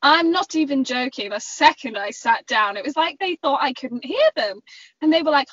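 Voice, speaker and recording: A young woman, chatting on a podcast and acting out an animated story with lots of giggles. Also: sits high, moderate pace, no echo. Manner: animated, giggly, acts out quoted voices. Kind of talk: casual storytelling chat. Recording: slightly muffled, dry sound.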